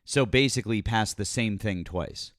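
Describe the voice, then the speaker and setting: A man's voice: lowish voice, normal speed, fairly bright tone, no room sound, studio quality. A man hosting a live political call-in show, mocking and needling a caller and repeating himself. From Massachusetts. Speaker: political talk show host. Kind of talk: heated live call-in debate.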